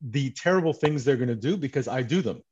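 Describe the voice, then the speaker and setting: A man's voice: mid-range voice, fast, muffled recording, a little hiss or hum. A man from Montreal hosting a podcast, chatting casually and telling joking stories. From Montreal, Quebec. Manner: chatty, joking, animated storytelling. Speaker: podcast host. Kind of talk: casual interview chat.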